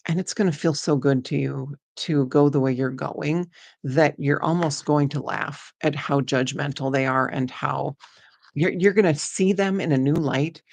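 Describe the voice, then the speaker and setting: A woman's voice: deep voice, normal speed, vocal fry, a little mellow, no echo. A woman giving a chatty, reassuring oracle card reading to camera, drifting between points as she talks.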